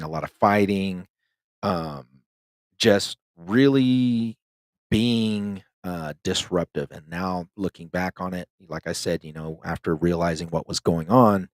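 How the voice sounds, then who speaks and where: A deep-voiced man tells a ghost story in a loose, rambling way, filling his sentences with "like" and "um." His voice is low, and it sounds dry and close to the microphone, with no room echo. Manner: loose and rambling, heavy use of "like" and "um". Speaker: podcast host telling a ghost story. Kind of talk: casual storytelling.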